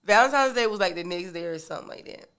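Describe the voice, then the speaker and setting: A young woman telling a personal story in a relaxed, animated way, full of casual slang and side remarks. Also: mid-range voice, fast talker.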